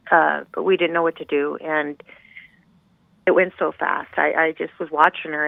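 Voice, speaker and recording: A woman's voice: low-pitched, vocal fry, no echo. A middle-aged woman, a grieving mother, tells her story as a guest in an intense, rambling, heartfelt way. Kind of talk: emotional personal storytelling. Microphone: phone call. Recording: tinny dry phone line.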